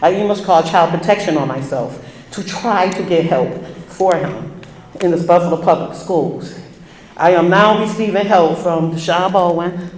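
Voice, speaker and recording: An older woman, a grandparent, speaking in a halting, emotional way during public comment at a school board meeting. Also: on the low side, a little mellow. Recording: echoey meeting hall, faint noise.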